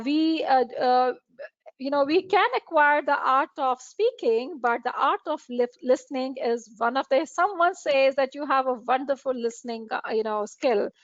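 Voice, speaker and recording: A woman's voice: high-pitched, no echo, highs cut off. A woman giving an earnest webinar lecture to librarians, repeating phrases for emphasis and using many fillers. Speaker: webinar speaker on library services. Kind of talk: lecture over slides.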